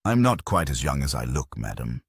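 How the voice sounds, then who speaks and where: A man's voice: a bass voice, very animated, normal speed, gravelly, slightly rough, no room sound, clean studio sound, exaggerated voice. A man voicing a cheerful, plain-spoken young police sergeant in a read-aloud mystery.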